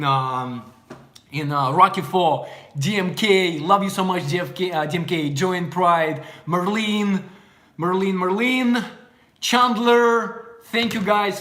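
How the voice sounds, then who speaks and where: A young man with a Russian accent, a native Russian speaker hosting a casual livestream from his apartment, effusive and breaking into loud shout-outs. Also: on the high side. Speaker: livestream host teaching Russian. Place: apartment at home. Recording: echoey room.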